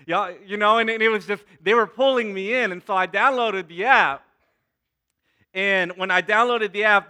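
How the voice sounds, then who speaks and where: With a high, bright, pushed voice and a clean tone, a man in his thirties preaches a sermon and leads prayer before his congregation. He repeats words and calls out to those gathered.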